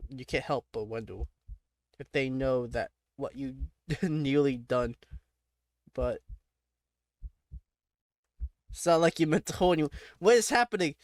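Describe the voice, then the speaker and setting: A young man reading a text adventure aloud, breaking off into quick, joking asides. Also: mid-range voice, darkish tone, dry recording, studio quality. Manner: reads narration then reacts in quick, joking asides. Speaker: gamer.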